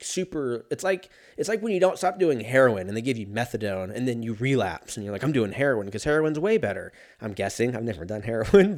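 Young man, mid-pitched voice, casual profane comic rambler, animated. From Los Angeles area. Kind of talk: casual comedic monologue.

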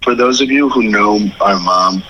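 A man's voice: on the low side, normal speed, bright, forceful tone, a little hiss or hum, poor audio. A young man telling his side of a family story in a chatty, casual way, acting out the quoted voices.

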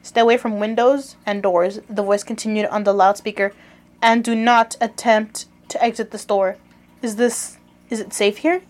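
A young woman co-hosting a casual podcast, reading a story aloud and chatting with her siblings. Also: medium pitch. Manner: reads aloud plainly, giggly in banter.

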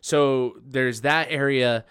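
A young man hosting a podcast, spinning a story in loose, casual talk. His voice sits at an ordinary middle pitch. He laughs often and jumps up loud when he acts out what people said. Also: takes it slowly, smooth, no echo, clean studio sound. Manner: animated, laughing, acts out quotes loudly. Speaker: podcast host.

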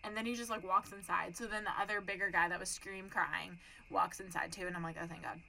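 A woman's voice: on the low side, fast, gravelly, crowd noise, low-quality recording. A young adult woman co-hosting a podcast, telling a story in casual, profane chat and acting out the people in it. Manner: animated, profane, acts out voices in her story. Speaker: podcast co-host.

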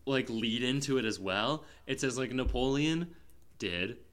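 A man co-hosting a film podcast, working as a film reviewer, chats casually and rambles with plenty of fillers. His medium-pitched voice is expressive, unhurried and slightly bright.

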